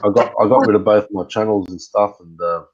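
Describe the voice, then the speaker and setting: Rambling man, low muffled voice. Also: steady tone, fairly quick. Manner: rambling, hesitant, many fillers. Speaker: guest RC hobbyist. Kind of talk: casual live-stream chat.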